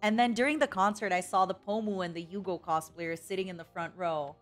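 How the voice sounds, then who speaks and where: A woman's voice: lowish voice, brisk. A young woman streaming a casual chat, dramatic and emotional, laughing often, with faint music behind.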